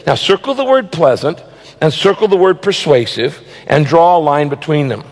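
A male pastor preaching a sermon, emphatic, repeating phrases and slowing down to read Bible verses. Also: a little high, very animated, a little mellow, in a large hall, rough recording.

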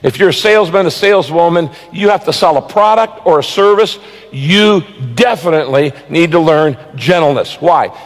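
A man with a somewhat high voice preaches with emphasis, driving points home by repeating them. He slows down deliberately whenever he reads a Bible verse aloud. His voice trails off into a long echo, like a big church auditorium. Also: expressive. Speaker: pastor. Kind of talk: sermon.

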